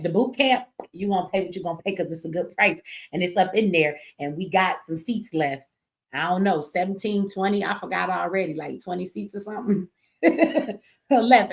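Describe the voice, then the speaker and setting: A woman hosting a casual live stream from home, chatty and slangy, cussing and reading viewer comments aloud. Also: medium pitch. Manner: chatty, slangy, cusses and laughs often.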